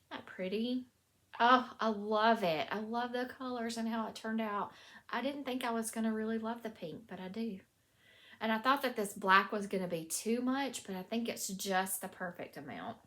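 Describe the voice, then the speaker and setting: A woman's voice: fairly high pitch, normal speed, a bit bright. A woman with a Southern US accent hosting a knitting podcast, chatting casually and gushing over her finished projects with lots of fillers. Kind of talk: casual show-and-tell vlog.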